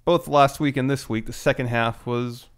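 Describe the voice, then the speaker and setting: A man co-hosting a casual wrestling podcast, steady and matter-of-fact, often chiming in to agree. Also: medium pitch, moderate pace, clean tone. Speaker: podcast co-host. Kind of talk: casual wrestling review chat.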